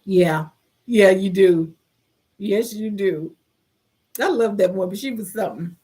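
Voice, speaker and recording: Slow-talking woman hosting a live chat. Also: mid-range voice. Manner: warm, reads viewer comments aloud, slow and heartfelt. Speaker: host of a live chat stream. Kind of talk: casual live-stream chat with viewers.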